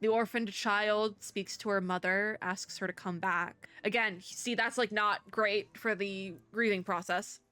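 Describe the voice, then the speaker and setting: A woman's voice: medium pitch, fairly even intonation, a little slow, hardly any pauses, sharp tone, clean tone. A young woman at home giving casual, reflective commentary on a game's story, chatty and full of filler words. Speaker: game content creator. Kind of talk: casual playthrough commentary, reading story aloud. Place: at home, indoors.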